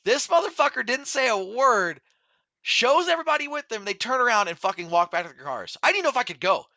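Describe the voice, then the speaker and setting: A man, a podcast guest, telling a long story in a casual, animated and very profane way. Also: very high-pitched, fairly quick, no echo, dull audio. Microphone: studio podcast mic.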